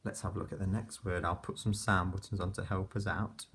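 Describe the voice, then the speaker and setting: A man teaching a phonics lesson to young children, slowly sounding out letters one by one and praising the class patiently. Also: deep voice, level tone, a bit bright, breathy edge. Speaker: primary school teacher.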